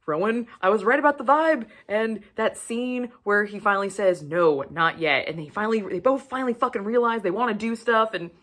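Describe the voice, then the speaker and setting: A woman book vlogger chatting casually and gushing about what she is reading, animated and cursing freely. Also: on the high side, brisk, hardly any pauses. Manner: gushing and animated, with frequent swearing. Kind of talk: casual book review chat.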